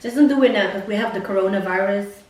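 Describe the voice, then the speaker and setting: A woman vlogger telling a casual storytime, blunt and profane, ranting with animated emphasis. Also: medium pitch, quick pace. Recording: roomy echo, distant mic, faint ambience.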